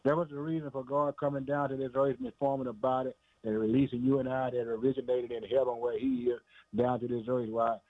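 A man's voice: mid-range voice, flat delivery, brisk, no room sound. Emphatic preaching man on a phone-like line. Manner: repetitive, emphatic, calls listeners "man" and "boy". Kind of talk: sermon. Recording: dry, phone-like narrow sound.

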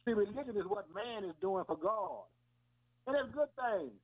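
A man's voice: sits high, sing-song, normal speed, slightly rough. Folksy preacher man on tinny radio. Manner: folksy, peppers talk with "man" and "boy", repeats himself. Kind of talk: informal sermon. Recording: tinny phone-like radio audio.

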